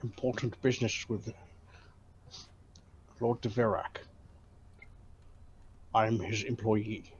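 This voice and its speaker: A man's voice: on the low side, level tone, takes it slowly, long pauses. An urgent male dwarf scholar presses his case insistently, played by a man in a tabletop game. The recording is slightly muffled, with a faint hiss underneath.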